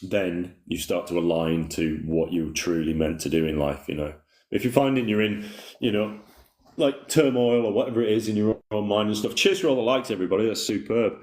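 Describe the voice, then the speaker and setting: Man, deep voice, rambling laid-back livestream chat, reads out comments, echoey room. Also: fairly quick, darkish tone. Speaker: livestream host. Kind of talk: casual spiritual livestream chat.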